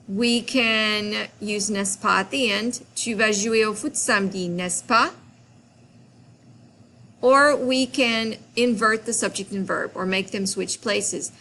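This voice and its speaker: A woman teaching a French grammar lesson, explaining slowly and patiently in a classroom-style recording. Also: mid-range voice, pushed and bright.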